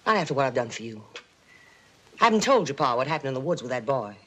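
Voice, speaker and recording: An actress playing an insinuating, scolding middle-aged aunt, in 1950s TV drama style. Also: female voice, rumbling low, very animated, fast talker, fairly bright tone, exaggerated voice. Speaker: aunt Mildred. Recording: hissy old TV soundtrack.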